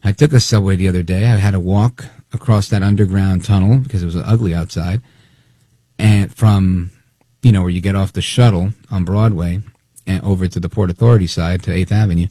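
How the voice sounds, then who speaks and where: A man hosting opinionated political talk radio, animated and snide, acting out quotes as he talks. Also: deep voice, brisk, dry recording.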